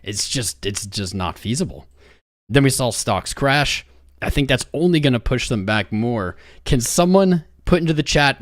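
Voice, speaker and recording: A man's voice: mid-range voice, a bit bright, dry recording, clean studio sound. A young man hosting a crypto livestream, talking restlessly to his chat while he searches for something.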